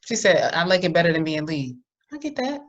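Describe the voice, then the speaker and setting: A woman co-hosting a podcast in casual chat, animated and jokey, laughing often. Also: fairly low pitch, brisk, dull audio. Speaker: podcast co-host.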